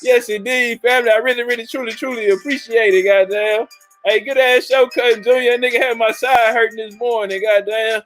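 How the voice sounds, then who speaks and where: A man hosting a casual livestream, loudly and profanely shouting out viewers and joking with his chat. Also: very high voice, fairly even intonation, brisk, faint music behind, rough recording. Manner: loud, profane, hyped-up banter with chat. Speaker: livestream host.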